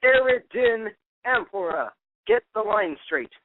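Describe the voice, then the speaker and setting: A man's voice: very high voice, wildly swooping pitch, unhurried, gravelly, dry recording, full character voice. A man putting on a grumpy Texan drawl. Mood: angry. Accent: put-on Texan. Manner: indignant, insulting. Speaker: caller. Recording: tinny phone line.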